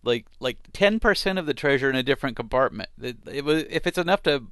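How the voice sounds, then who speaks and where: A man's voice: mid-range voice, animated, quick pace, a bit bright, clear, resonant tone, dry recording, studio quality. A man co-hosting a casual comic review chat, joking and reading lines in playful mock voices. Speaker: podcast co-host.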